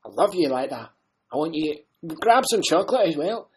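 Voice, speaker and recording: A slow, insistent old Scottish man barks orders from somewhere inside the head, as a man puts him on. The voice is pitched up and has a husky, slightly breathy grain. It is stubborn and pushy. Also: expressive. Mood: bossy.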